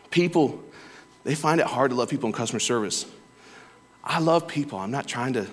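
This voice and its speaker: A man gives an earnest, conversational sermon in a church and mixes personal stories into his preaching. His voice has a middle pitch, and it rings with a long hall reverb. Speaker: lay preacher.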